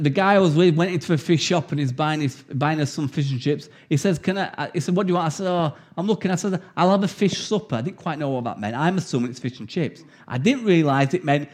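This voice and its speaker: A man's voice: a little high, fairly quick, few pauses. A man with an English accent preaching a sermon, telling stories with laughter and reading scripture earnestly. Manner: anecdotal storytelling, animated and laughing.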